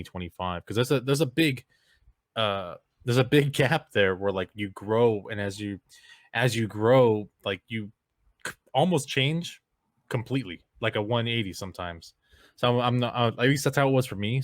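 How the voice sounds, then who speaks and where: A man hosting a podcast, asking questions in a chatty way, full of "like" fillers and quick to laugh along. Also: on the low side, dry recording, clean studio sound. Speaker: podcast host. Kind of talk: casual podcast chat.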